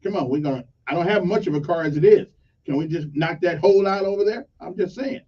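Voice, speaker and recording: Folksy high-voiced radio host. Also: male voice, fairly quick, distant mic. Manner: folksy and rambling, with shout-outs. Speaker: radio talk show host. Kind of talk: casual morning radio chat. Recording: dull lo-fi sound, slightly off-mic.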